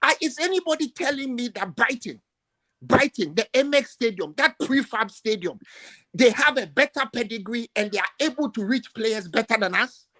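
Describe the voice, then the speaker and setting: A man's voice: very high-pitched, expressive, normal speed, bright, forceful tone. A male caller ranting emotionally over a video call, exasperated and stumbling over repeated words. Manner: emotional, exasperated, stammering repetitions. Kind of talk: impassioned call-in rant.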